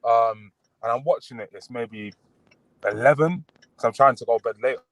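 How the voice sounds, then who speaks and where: Relaxed young man on a video call. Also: medium pitch, moderate pace, no room sound, poor audio. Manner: relaxed, rambling, many fillers and restarts. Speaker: guest boxer. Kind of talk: casual interview over video call.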